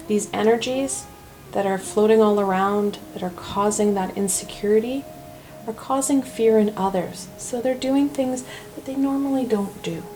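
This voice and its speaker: A woman hosting a weekly tarot reading video, talking in a gentle, reassuring, chatty way. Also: fairly high pitch, rough recording. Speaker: tarot reader.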